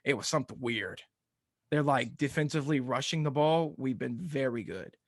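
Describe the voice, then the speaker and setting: A man's voice: mid-range voice, moderate pace, no room sound, clean studio sound. A man co-hosting a casual sports podcast, ranting with energy and laughing often. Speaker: podcast co-host.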